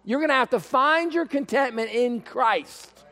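A man preaching a sermon as pastor, emphatic, repeating key phrases and swinging from quiet talk to shouting, in a church sanctuary. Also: extremely high pitch, a little slow. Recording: long hall reverb.

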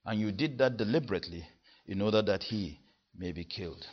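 A man preaching an expository sermon, stressing key words with force and then dropping his voice low. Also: a little fast. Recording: dull lo-fi sermon recording.

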